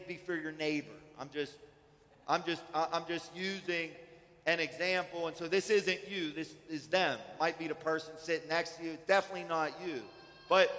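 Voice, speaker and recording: A male pastor with a high voice gives an earnest, conversational sermon and often stumbles and restarts his phrases. His voice rings through a church hall with a long, lingering reverb. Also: fairly bright tone.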